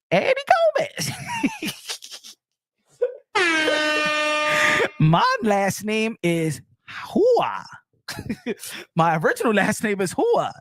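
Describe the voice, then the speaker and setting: A man hosting a boxing livestream, rowdy and laughing, often shouting as he reacts to chat. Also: very high-pitched, no echo, clean studio sound. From Dominican Republic family roots. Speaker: boxing channel host. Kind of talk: excited live commentary.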